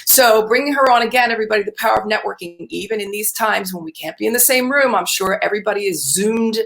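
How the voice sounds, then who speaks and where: A woman's voice: medium pitch, quick pace, gravelly, fairly bright tone, low-quality recording. Chatty upbeat woman hosting. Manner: upbeat, chatty, laughs often. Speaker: host. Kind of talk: video call interview. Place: friend's house.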